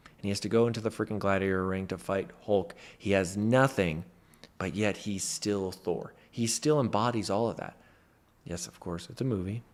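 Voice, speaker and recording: A man in a motivational talk to camera, a mentor who speaks emphatically and stresses his points with "freaking". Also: fairly low pitch.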